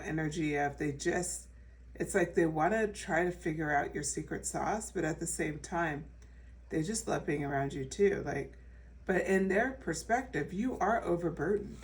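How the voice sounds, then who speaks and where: A woman's voice: deep voice, recorded from a distance. A woman giving a casual pick-a-card tarot reading in a chatty, reassuring way, with many fillers and restarts. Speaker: tarot reader.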